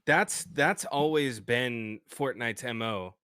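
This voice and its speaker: Halting man, smooth clear voice. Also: mid-range voice, bright, forceful tone, no room sound, studio quality. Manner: halting, repeats words as he restarts. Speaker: podcast panelist. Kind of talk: casual gaming chat.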